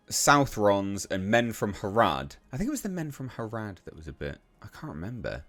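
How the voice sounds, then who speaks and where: An English online commentator rants about a news article, reading passages aloud and then firing back with blunt, profane scorn. His fairly low voice is sing-song and a bit bright, moving at normal speed with hardly any pauses.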